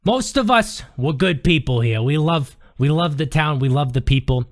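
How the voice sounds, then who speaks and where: A man's voice: on the high side, expressive, moderate pace, no room sound, clean studio sound. A man voicing a brash middle-aged woman diner waitress, folksy and pushy, calling everyone sweet cheeks. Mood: gossipy.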